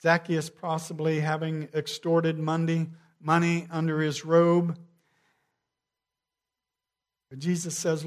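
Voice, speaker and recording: A man preaching a sermon, measured, sinking to a quiet hush on key phrases. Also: a little high, monotone. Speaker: pastor.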